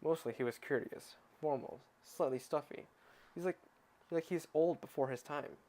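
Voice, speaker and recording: A man's voice: a little high, moderate pace, mellow. A man reading a novel aloud at home as a mock audiobook, stumbling over words and breaking off into sarcastic, exasperated asides. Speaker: reader of a parody audiobook.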